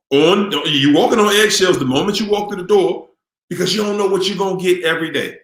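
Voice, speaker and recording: Man, live-stream host, animated and preachy, asks the chat questions, slightly high voice, roomy echo. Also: fairly quick. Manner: preachy, animated, repeats himself, asks the audience. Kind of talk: casual live-stream talk to viewers.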